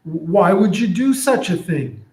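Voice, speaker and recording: A man voicing an indignant, protective friend who scolds and insists, in a much higher and louder voice than his own, in an echoey room. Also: very animated, a little slow. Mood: outraged. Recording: roomy echo.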